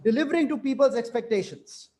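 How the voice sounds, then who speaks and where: A man from India moderates a panel, his voice pitched high for a man. He speaks in halting phrases, leaning on fillers as he gathers his points. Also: warm tone. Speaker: session moderator.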